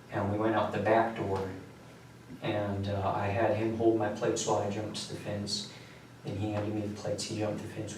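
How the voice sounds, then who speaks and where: A man in his late teens, tired and worn out, recounting events in a halting, rambling way while being questioned by police. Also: lowish voice, a little hiss or hum. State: exhausted. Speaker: suspect under questioning. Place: police interrogation room. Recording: echoey room, mic far off.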